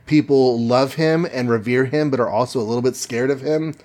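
Speaking fairly quickly in a mid-range, darkish-toned voice, a male podcast co-host retells a comic-book story in a casual recap. His style is joking and conversational, full of filler words.

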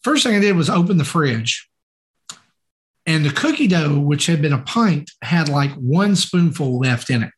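Animated male podcast storyteller. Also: fairly high pitch, normal speed. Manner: animated, acts out quoted dialogue, many fillers. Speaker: podcast co-host. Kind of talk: casual anecdotal storytelling.

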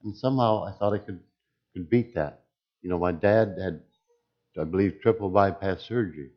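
A man with a very low voice gives a personal testimony in church. He talks slowly and with care, weighing each word. The recording sounds dull and slightly lo-fi. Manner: slow, deliberate speech. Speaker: church deacon.

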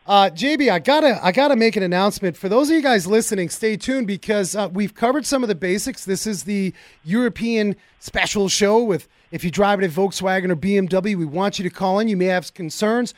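A man hosting a car talk radio show, chatting in a folksy, excitable way and speaking straight to his listeners from a studio mic. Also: high-pitched, brisk, hardly any pauses, dry recording.

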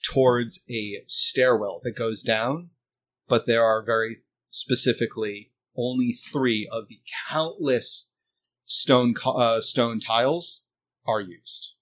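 A man running a tabletop game as game master, setting scenes slowly and deliberately. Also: medium pitch, fairly bright tone.

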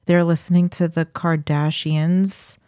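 A woman with a softened New York accent, co-hosting a podcast in casual, chatty conversation. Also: lowish voice, flat delivery, a little slow, dry recording, clean studio sound. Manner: chatty, thinks aloud with restarts. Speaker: podcast co-host. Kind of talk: casual chat.

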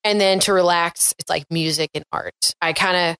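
A young woman chats as a guest, upbeat and friendly, often answering with soft "mm-hmm"s. Her voice is a little low, smooth and clear. It is recorded close in a dry room. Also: fairly even intonation, normal speed, dry recording. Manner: upbeat, frequent "mm-hmm" backchannels. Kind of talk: casual conversation.

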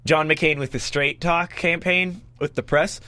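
A young man from Washington, D.C., co-hosting a casual political chat, talking quickly with lots of "like" fillers. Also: on the high side, dry recording. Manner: quick, animated, full of "like" fillers. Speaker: podcast co-host.

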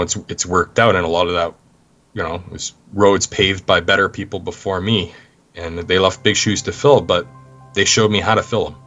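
A Canadian man, a guest in an interview, telling stories in a relaxed way with plenty of "you know" fillers. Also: low-pitched, lo-fi sound. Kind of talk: casual interview talk.

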